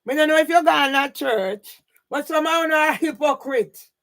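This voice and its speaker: A woman with a Jamaican accent ranting on a live stream, emphatic, often shouting and swearing, with frequent questioning tags. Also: high voice, moderate pace. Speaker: YouTube livestreamer.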